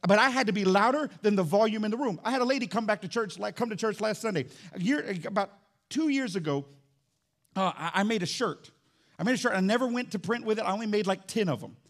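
A man preaching a lively sermon as pastor in a church, swinging between shouts and low asides. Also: fast talker. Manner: animated, shouts and drops low, playful asides. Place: church sanctuary.

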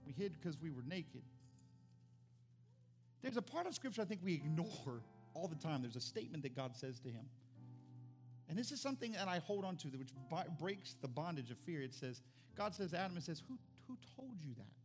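Animated preaching man, high lively voice. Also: a little fast, faint music behind. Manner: animated, rising to near-shouts. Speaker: pastor. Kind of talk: sermon.

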